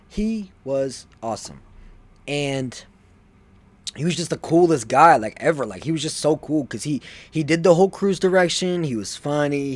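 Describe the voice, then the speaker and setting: An eighteen-year-old man telling stories casually, rambling and full of fillers. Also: mid-range voice. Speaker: vlogger. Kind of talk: casual storytelling.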